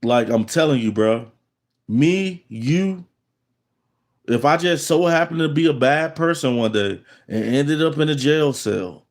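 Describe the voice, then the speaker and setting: A man's voice: fairly high pitch, measured pace. A middle-aged man with an African American Vernacular English accent, hosting his channel and ranting at viewers in a boastful, threatening, repetitive monologue. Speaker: channel host.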